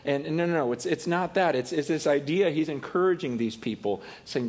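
A man's voice: fairly high pitch, a little fast, few pauses. Conversational male pastor preaching. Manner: conversational, repeats and restarts words, acts out quoted voices. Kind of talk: sermon.

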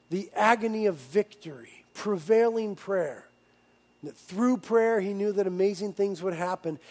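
A male pastor in his thirties delivers a sermon in a noticeably high voice. He talks emphatically, building to loud, urgent stresses and then pulling back to quiet, intimate asides. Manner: emphatic, swings between loud urging and hushed intimacy.

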